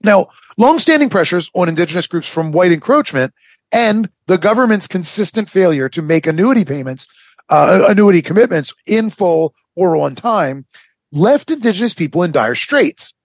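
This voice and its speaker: A man hosts a history podcast, narrating in loose, casual chat. His voice sits high and swoops around with a slightly husky edge. He halts often, restarting phrases and padding them with fillers. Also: sing-song, no room sound. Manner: halting, full of fillers and restarts. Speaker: podcast host telling a history story.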